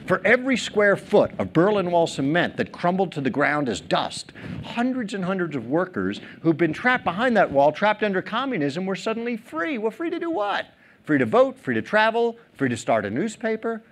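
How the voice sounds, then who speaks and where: A man's voice: high voice, normal speed, slight background noise. A middle-aged man giving a keynote speech on a theater stage, telling stories, acting out quotes and joking with the audience. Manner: animated storyteller, acts out quotes, jokes with audience. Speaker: keynote speaker.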